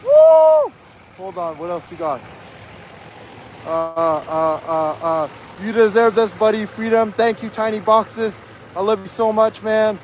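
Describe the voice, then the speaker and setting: A hoarse young man livestreaming outdoors on a snowy street, excitedly yelling shout-outs to viewers. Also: sits high, unhurried, muffled recording, slight background noise. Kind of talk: live stream reading out viewer donations.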